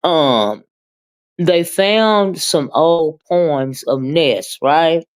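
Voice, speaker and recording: A woman hosting a casual live-stream commentary, chatty and animated, calling viewers "child" and "honey" and sometimes rushing her words. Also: low voice.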